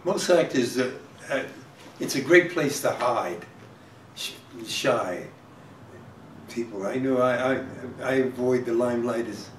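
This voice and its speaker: A man hosts a casual interview, telling stories in a rambling, halting way full of restarts. His voice sounds a few feet from the mic in a reverberant room, with a faint wash of ambient noise. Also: mid-range voice, far from the mic. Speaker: talk show host.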